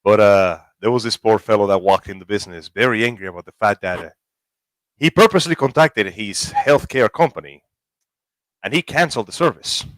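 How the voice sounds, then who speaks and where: A man's voice: on the low side, animated, fairly quick, a bit bright, no echo, poor audio. Sarcastic man on a dry mic. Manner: sarcastic, joking. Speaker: podcast co-host. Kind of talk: casual live-stream chat.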